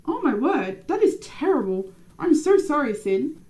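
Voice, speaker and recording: A young adult woman streaming a game, chatting casually with viewers by name and rambling through animated stories. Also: high-pitched, normal speed, low-quality recording. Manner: animated, rambling storytelling with many fillers. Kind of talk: casual live-stream chat.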